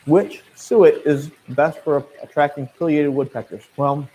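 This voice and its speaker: A man in his thirties with a Midwestern US accent, working as a naturalist and answering viewer questions in a relaxed, chatty way full of fillers and restarts. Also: on the high side, a little slow, husky, poor audio. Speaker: naturalist guide. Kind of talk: casual livestream Q&A.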